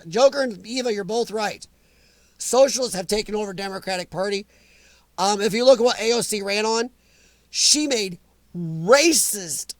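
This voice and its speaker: High-voiced, emphatic American man. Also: a bit bright, no echo. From United States. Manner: rambling and emphatic, answers viewers by name. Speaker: livestream chat host. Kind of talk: casual opinionated live chat.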